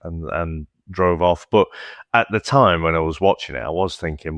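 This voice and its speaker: Deep-voiced Northern English man, musing. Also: normal speed, fairly bright tone, dry recording. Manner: thoughtful, stammers on starts, swears casually. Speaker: podcast co-host. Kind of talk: casual film review chat.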